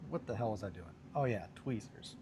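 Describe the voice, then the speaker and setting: A man's voice: on the low side, expressive, brisk, very noisy. A young man casually chatting with viewers on a livestream while he works on a hobby project, joking around and reading chat aloud. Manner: laid-back, joking, reads chat aloud.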